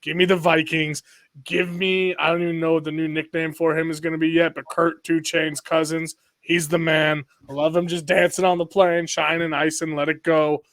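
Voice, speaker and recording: A man's voice: a little high, level tone, moderate pace, fairly bright tone, no echo. Hyped man with a dry close sound. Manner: hyped, slangy banter. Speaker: podcast co-host. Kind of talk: sports betting podcast chat.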